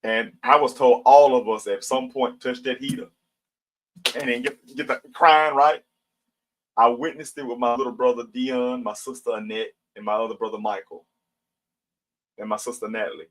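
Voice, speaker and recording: A man's voice: medium pitch, normal speed, long pauses, fairly bright tone, poor audio. A middle-aged man teaching a casual Bible study, mixing scripture readings with everyday talk. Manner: preachy, conversational, with scripture readings.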